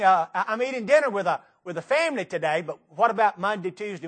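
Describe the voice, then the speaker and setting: A man with a Tennessee accent preaching a sermon to a church congregation, animated and full of rhetorical questions. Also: high-pitched, quick pace, hardly any pauses.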